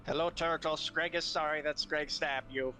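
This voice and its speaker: A man's voice: on the high side, steady tone, normal speed, bright, forceful tone, slight background noise. A man playing a blunt, earnest warrior who speaks of himself in the third person in simple phrases.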